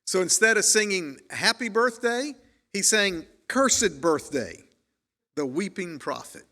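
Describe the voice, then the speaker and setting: A man's voice: high-pitched, animated, unhurried, pushed and bright. Earnest preacher man in a reverberant church. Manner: earnest, storytelling preacher who reads quotations aloud. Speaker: pastor. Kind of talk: sermon. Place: church sanctuary.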